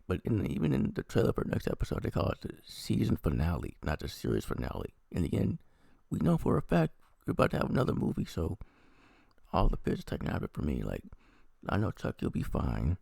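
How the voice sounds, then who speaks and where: Male reviewer, Midwest, unwell; deep husky rasp, lively swings in pitch, sarcastic rambling delivery. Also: no room sound, clean studio sound. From American Midwest. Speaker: TV episode reviewer. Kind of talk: casual spoken review.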